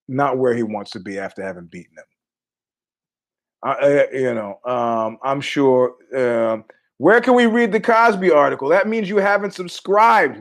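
A middle-aged man hosting a podcast, telling rambling stories in a casual, animated way, laughing often and swearing freely. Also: medium pitch. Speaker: podcast host.

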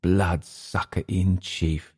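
A man's voice: deep voice, flat delivery, slow, a little mellow, slightly rough, full character voice. A man reading aloud, voicing a drunk young Englishman who mocks his companion with jeering taunts. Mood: contemptuous.

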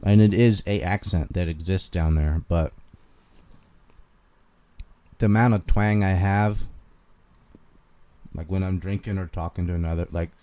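A man with a low voice and a light Carolina Southern twang talks bluntly and profanely. He rants in a casual livestream style and shows little restraint. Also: unhurried, pauses often, dark tone. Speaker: podcast host reading donations.

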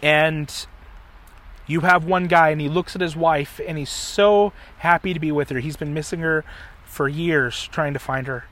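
A middle-aged man hosting a podcast, casually retelling a story in an animated way and acting out the quotes. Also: on the high side, moderate pace. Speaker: podcast host.

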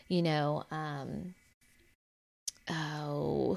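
A woman's voice: deep voice, lively intonation, extremely slow, vocal fry, long pauses, mellow, dry recording, clean studio sound. A woman hosting a solo podcast as a life coach, talking in an earnest, encouraging way and laughing easily. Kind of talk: solo spiritual podcast monologue.

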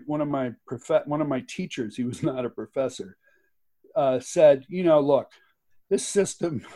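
A man's voice: a little high, darkish tone. A man with a voice sitting a little above the usual male range, speaking as an interview guest. He talks with passion and insistence, stressing key words. He often breaks into laughter and restarts his sentences. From United States. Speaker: guest author and activist. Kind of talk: conversational interview.

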